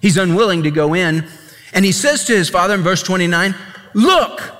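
A man's voice: high voice, brisk, a bit bright, big-room sound. A man preaching a sermon as a pastor, emphatic and conversational, speaking straight to the congregation.

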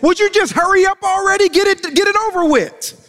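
A man's voice: extremely high pitch, very animated, fairly bright tone, big-room sound, voice pushed up, heavily acted. A man voicing a desperate, frustrated widow who fires pleading questions at God. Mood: exasperated. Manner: pleading, exasperated rapid questions.

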